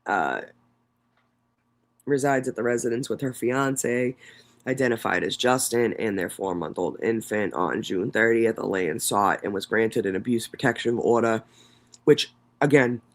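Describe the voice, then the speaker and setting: Blunt, profane New livestream host. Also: male voice, on the low side, unhurried. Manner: reads documents aloud, then breaks off to comment. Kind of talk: casual live commentary.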